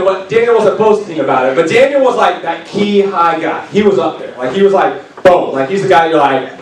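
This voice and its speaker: A man preaching to junior high kids in a relaxed, chatty way, packing his story with fillers and playful asides. His voice sits slightly high for a man. He sounds distant from the mic in a very echoey room. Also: moderate pace, slight background noise. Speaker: youth pastor. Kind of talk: casual youth sermon. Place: youth group meeting room.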